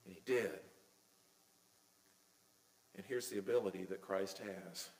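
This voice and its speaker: A man's voice: low-pitched, a little slow, gravelly. Middle-aged guy preaching, earnest and emphatic, lots of questions to the crowd, echoey church sound. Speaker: pastor. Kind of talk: sermon.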